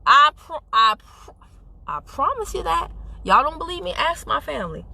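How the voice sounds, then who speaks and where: A woman's voice: high-pitched, very animated, normal speed, creaky, sharp tone. A woman giving an emphatic, sassy motivational talk on a live stream, speaking into a phone while driving her car. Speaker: network marketing team leader.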